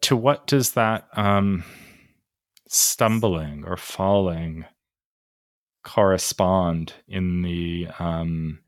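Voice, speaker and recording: Deep-voiced podcast host picking apart a poem, halting, keeps stopping to fix what he said. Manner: probing, halting, self-correcting questions. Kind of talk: casual podcast discussion of a poem.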